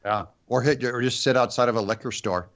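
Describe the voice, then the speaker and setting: A man's voice: mid-range voice, fairly quick, a bit bright. A man chatting as a guest on a podcast, joking in a dry, self-mocking and darkly humorous way. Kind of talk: casual chat.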